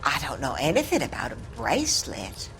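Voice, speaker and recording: A woman's voice: rumbling low, wildly swooping pitch, a little fast, vocal fry, fairly bright tone, slight background noise, full character voice, poor audio. An actress voicing a defensive, evasive landlady with a Southern US accent in a video game. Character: southern landlady, defensive, guarding her reputation.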